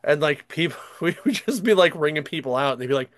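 A man's voice: on the high side, animated, quick pace, dry recording. Laughing rambling man, dry close sound. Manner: rambling, laughs often, many "like" fillers. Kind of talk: casual chat, storytelling.

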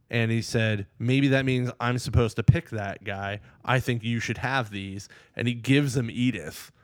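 A man chatting casually, recapping a movie in an excited, rambling way and acting out the characters' lines. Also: medium pitch, smooth, no echo. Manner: excited, rambling, acts out quotes.

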